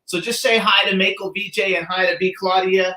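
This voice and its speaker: A man's voice: high voice, fairly even intonation, brisk, pushed and bright. A man hosting an interview show, chatty and eager as he asks his questions. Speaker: host. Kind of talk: casual interview chat. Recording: roomy echo.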